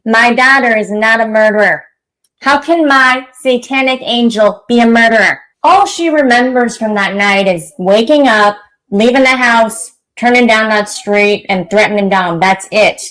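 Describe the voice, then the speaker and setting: A woman's voice: a little high, a little slow, fairly bright tone, rough recording. A woman playing a self-pitying, sarcastic mother in a comedy sketch, pretending to cry. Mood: mock-tearful. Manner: mock-tearful, sarcastic, overdramatic. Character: self-pitying middle-aged mother fake-crying.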